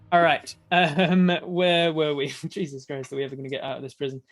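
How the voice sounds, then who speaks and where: Australian dungeon master, laughing narration. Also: male voice, on the high side, flat delivery, normal speed. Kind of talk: running a live tabletop game.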